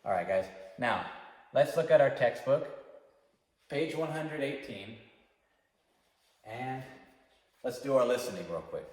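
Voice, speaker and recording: Male English teacher, slow and patient, lively intonation, recorded in a very echoey room. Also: mid-range voice. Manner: slow, patient, encouraging explaining. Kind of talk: classroom instruction. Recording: echoey room with long reverb.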